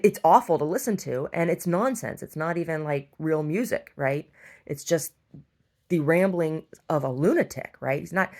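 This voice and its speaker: A woman's voice: deep voice, a little mellow. A middle-aged woman who owns a store, telling a long rambling story and getting exasperated, with many restarts. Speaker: store owner. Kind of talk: casual storytelling monologue.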